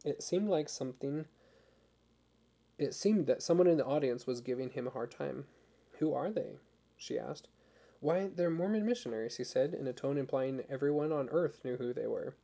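Male audiobook narrator, measured and even, gravelly low voice.

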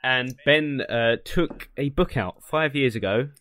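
A man's voice: medium pitch, a little slow, a bit bright. A man hosting a casual podcast, laughing often and rambling through his explanations. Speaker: podcast host. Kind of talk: casual chat.

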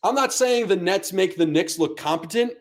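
A man's voice: high voice, lively intonation, normal speed. Blunt sarcastic man talking hockey. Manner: blunt, sarcastic, swears casually. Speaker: podcast co-host. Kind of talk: casual sports chat.

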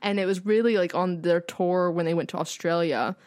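A woman's voice: fairly low pitch, fairly quick, a little mellow, dry recording, studio quality. A young woman co-hosting a podcast, chatting casually with lots of "like" fillers and frequent swearing. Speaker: podcast co-host. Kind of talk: casual chat.

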